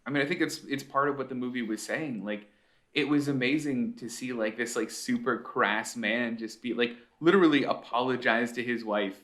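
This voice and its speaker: A man co-hosting a casual podcast chat, telling stories in a lively, animated way. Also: mid-range voice, normal speed. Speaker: podcast co-host.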